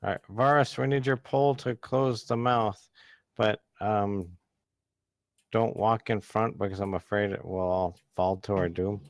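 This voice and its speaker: A man in a tabletop game eagerly lays out his character's plans. His voice sits a little low. The sound is dry and close. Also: fairly even intonation, unhurried, no room sound, highs cut off. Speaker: player. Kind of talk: casual game chat.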